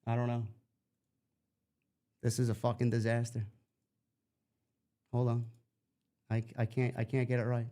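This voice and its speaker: A man's voice: medium pitch, completely flat delivery, a little slow, long pauses, warm tone. A man co-hosting a casual livestream, flustered and cursing while he sorts out audio trouble. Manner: flustered, swears, repeats himself. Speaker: podcast co-host.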